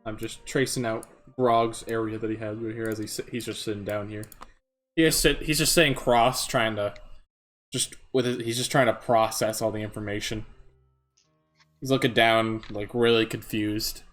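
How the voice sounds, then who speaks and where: A man's voice: fairly low pitch, fairly even intonation, moderate pace, fairly bright tone, soft background music. A man running a tabletop game as game master, narrating loosely with lots of fillers.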